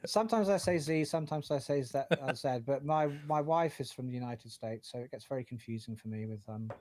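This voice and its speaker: A man's voice: medium pitch, fairly quick, a little mellow. A British man co-hosting a tech podcast, chatting casually and rambling a little as he explains his setup. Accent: British English. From United Kingdom. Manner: chatty, rambling, with many fillers. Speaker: podcast co-host.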